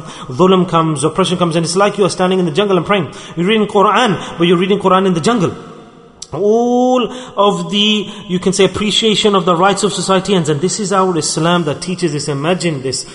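A man preaching a sermon to a congregation, telling stories earnestly and slowing down to repeat key words. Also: high-pitched, a bit bright. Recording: long hall reverb.

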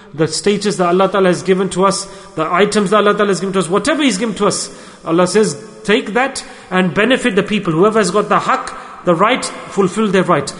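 Male preacher, fairly high voice, earnest repetitive sermon delivery, lingering echo of a large hall. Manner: earnest, repetitive phrasing, sprinkles Arabic religious terms. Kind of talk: sermon with storytelling.

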